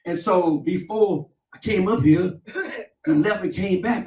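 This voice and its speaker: A high-pitched pastor delivers an emphatic call-and-response sermon in an echoey church. The mic sits at a distance, so his voice sounds roomy and far off, swinging between loud and soft. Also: unhurried. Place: church sanctuary.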